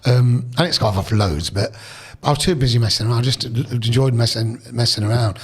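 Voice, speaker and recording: A middle-aged man, guesting on a podcast and spinning rambling, animated stories. He trips over his own restarts and slips into voices for the people he quotes. His tone is husky, with a mid-range pitch. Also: brisk. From Leicester, England. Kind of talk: casual storytelling interview.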